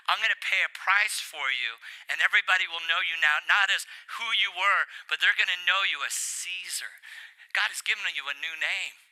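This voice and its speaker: An older man preaching a sermon, animated and playful, getting worked up as he speaks. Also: high voice, clear, resonant tone, poor audio. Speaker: pastor.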